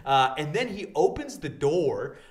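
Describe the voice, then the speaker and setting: A man's voice: a little high, a little slow. A young man co-hosting a podcast, telling a story in casual chat and acting out the people in it, laughing and cursing as he goes. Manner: animated storyteller, mimics others in his anecdotes. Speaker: podcast co-host.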